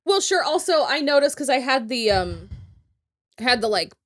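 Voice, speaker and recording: Woman, podcast co-host, casual recap chat, high voice, very lively pitch. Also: moderate pace. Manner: animated, laughs often.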